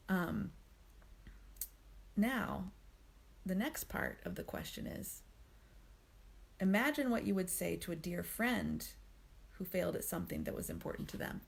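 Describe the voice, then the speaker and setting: A woman hosts a daily mindfulness reflection, speaking gently and without hurry, pausing on frequent ums. Her voice sits low, with a husky, breathy texture and a gravelly fry at the edges. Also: big pitch swings. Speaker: host of a daily mindfulness reading series. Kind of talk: reflective spoken commentary on a book reading.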